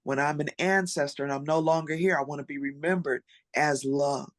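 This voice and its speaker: A conference speaker giving a heartfelt, reflective panel talk, pausing and restarting as thoughts form. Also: medium pitch, fairly even intonation, no room sound, studio quality. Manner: earnest, reflective, with pauses and restarts.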